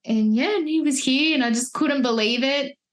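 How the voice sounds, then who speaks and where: A woman's voice: sits high, normal speed. A woman, a podcast guest telling her story in a chatty, reflective way, full of restarts. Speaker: podcast guest, mother of three. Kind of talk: casual birth-story telling. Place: at home, holding a baby. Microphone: wearing headphones, remote podcast recording.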